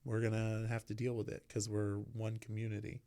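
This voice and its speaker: A man from Vermont co-hosting a casual local politics talk show, speaking haltingly with many restarts. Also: on the low side, monotone, mellow. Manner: halting, restarts, frequent fillers. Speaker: local podcast co-host, city councilor.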